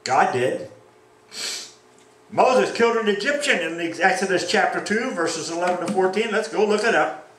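A man preaching a sermon as pastor, reading scripture aloud and acting out the quoted lines with animated delivery. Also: high-pitched, moderate pace, roomy sound, distant mic, slight background noise, poor audio.

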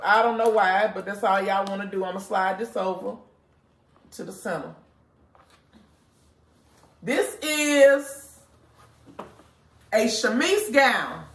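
A woman who owns a lingerie store, doing a casual live product pitch to her customers, blunt, profane and preachy. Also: unhurried, long pauses, a bit bright, roomy sound. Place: inside her shop.

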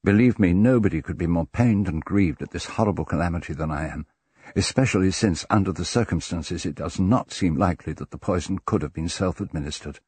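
A man's voice: sits low, a little fast, darkish tone, slightly rough, no room sound. A man voicing a stern middle-aged country doctor in an audiobook, grave and businesslike. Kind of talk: audiobook character reading.

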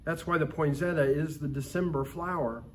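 A man reading the part of a gentle, wise aunt who speaks softly and reassuringly. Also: on the high side, steady tone, normal speed, slight background noise, natural voice. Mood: reverent. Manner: soft, tender, reassuring. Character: gentle, wise middle-aged aunt, kindly and patient.

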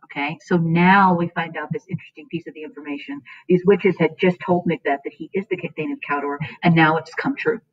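A woman teacher talks students through a play in a casual, chatty way, full of fillers. Her voice sits fairly low, and the recording is dry and lo-fi with a dull tone. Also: fairly even intonation, brisk, hardly any pauses, husky, dry recording.

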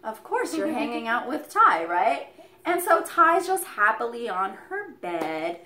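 A woman telling a story on her parrot vlog, animated and laughing as she acts out what was said. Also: on the high side, a little slow, roomy sound, a little hiss or hum. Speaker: parrot vlogger. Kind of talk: casual story time.

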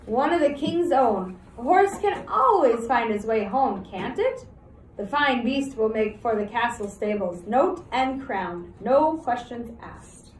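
A woman reading aloud voicing a quick-witted young whipping boy, brisk and urgent. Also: fairly high pitch, lively intonation, echoey room, distant mic, a little hiss or hum, poor audio. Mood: scheming.

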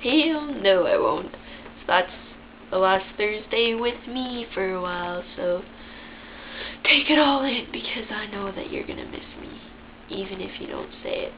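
Chatty young woman with a creaky voice. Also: mid-range voice, moderate pace. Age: young adult. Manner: chatty, candid, self-mocking, swears freely. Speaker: vlogger. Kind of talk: casual storytelling to camera. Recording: dull lo-fi webcam sound with faint hiss.

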